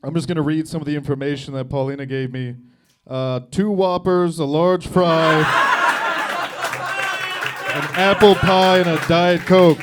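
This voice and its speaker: A man trading insult jokes in a roast battle, deadpan with wry asides. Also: a little high, unhurried, long pauses, over music. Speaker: roast comedian.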